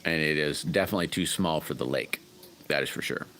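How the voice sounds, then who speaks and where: Very deep-voiced folksy man. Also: brisk, pushed and bright, a little hiss or hum. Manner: rambling, folksy, greets chat by name. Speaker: livestream host chatting with viewers. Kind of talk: casual livestream chat.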